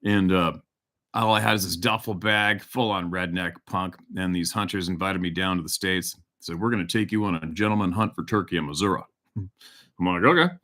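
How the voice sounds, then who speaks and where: Deep-voiced and a little fast, the hunting show host, a middle-aged man from Canada, keeps a steady, sharp tone on his casual livestream. He reads off where viewers are from, curses casually and tells a loose hunting story.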